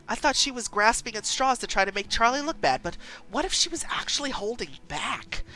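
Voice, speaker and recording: A woman voicing a blunt young female TV reporter, reading her lines in a raised, lively voice. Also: fairly high pitch, fairly quick, pitched above the performer's own voice. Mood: earnest.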